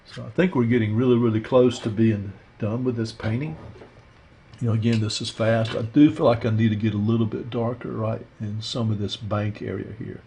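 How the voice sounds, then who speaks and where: A man teaching a watercolor painting demo, talking through his steps in a relaxed, rambling way with lots of fillers. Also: fairly low pitch, a little fast, a little hiss or hum. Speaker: art instructor. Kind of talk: casual painting demonstration.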